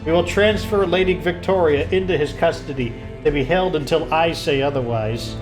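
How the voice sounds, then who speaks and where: A resolute young noblewoman leader speaks in an earnest, firm tone, as a man reads her game lines. The voice sits slightly high, with faint music in the background. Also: moderate pace, natural voice. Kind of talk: reading game dialogue aloud.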